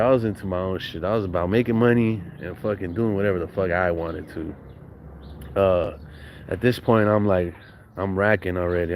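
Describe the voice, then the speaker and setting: Slangy, profane young man with a low voice. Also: darkish tone, a little hiss or hum. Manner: slangy, profane, laughs often, acts out quotes. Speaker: storyteller recounting his youth. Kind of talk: casual storytelling monologue.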